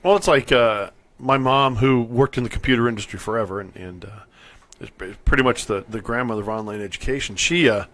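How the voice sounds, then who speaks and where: A man's voice: medium pitch, brisk, a bit bright, dry recording. A man co-hosting a podcast in casual chat, rambling with many restarts. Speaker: podcast co-host.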